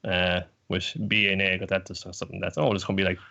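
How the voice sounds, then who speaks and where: A man's voice: deep voice, little pitch movement, quick pace, vocal fry, bright, forceful tone, lo-fi sound. A man hosting an anime podcast, casually rambling through episode recaps with lots of fillers. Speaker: podcast host. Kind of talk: casual chat, retelling episodes.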